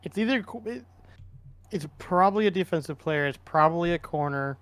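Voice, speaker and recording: A man's voice: on the high side, lively intonation, fairly quick, fairly bright tone, clear, resonant tone. A man co-hosting a casual sports podcast, rambling and opinionated with frequent restarts. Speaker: podcast co-host.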